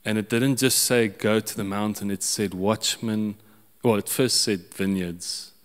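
A man preaching at an unhurried pace, telling a personal story. He restarts his sentences often and chuckles between them, and a long hall reverb trails after his voice. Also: on the low side, fairly even intonation. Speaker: pastor. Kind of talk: sermon.

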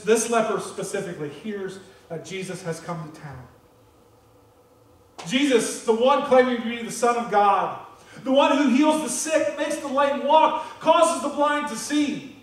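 A male American pastor delivers a sermon in a high, lively voice, often repeating words as he presses a point. He stands well back from the microphone. The sanctuary around him rings with heavy echo. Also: unhurried. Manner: animated, repeats words when stressing a point. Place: church sanctuary. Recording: very echoey church, voice distant from the mic.

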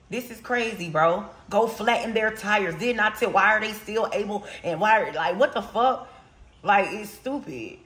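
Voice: medium pitch, normal speed, fairly bright tone. A tarot reader giving a casual spiritual reading, talking bluntly with lots of slang and cursing and repeating points for emphasis. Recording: roomy echo.

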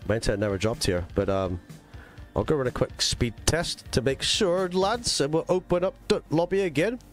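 A man's voice: fairly high pitch, lively intonation, normal speed, soft background music. A man with a mixed English and Scottish accent streaming a racing game live, chatting casually to his viewers with lots of fillers. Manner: chatty, rambling, talks to chat with fillers. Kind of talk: live gaming stream chat.

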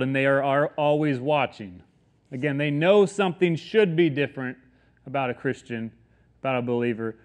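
A man preaching a casual, conversational sermon, often slipping into quoted everyday voices. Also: on the high side. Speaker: pastor.

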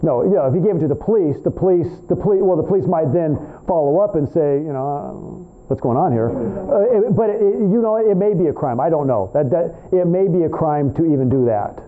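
Animated male professor, tinny recording. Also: fairly high pitch, brisk, hardly any pauses. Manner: animated, rambling, talks back and forth with students. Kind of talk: classroom lecture. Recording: tinny, phone-like classroom recording with faint hiss.

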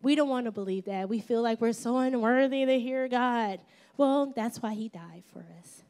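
A middle-aged woman pastor preaching a sermon in a lively, playful way, acting out little voices and sometimes dropping to a whisper. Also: on the high side, moderate pace, clean tone. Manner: drops to a whisper at times.

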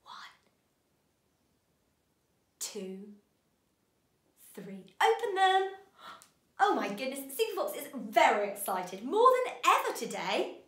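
A woman teaching a children's phonics lesson, giving bright, sing-song encouragement to young learners. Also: fairly high pitch, very animated, slow pace, long pauses, reverberant.

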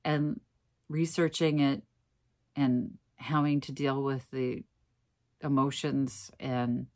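A woman's voice: rumbling low, level tone, slow, darkish tone. A woman vlogger talking earnestly and wearily to camera, exhausted and close to tears at times. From Minnesota, USA. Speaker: thrift reseller vlogger. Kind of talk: casual emotional talk to camera.

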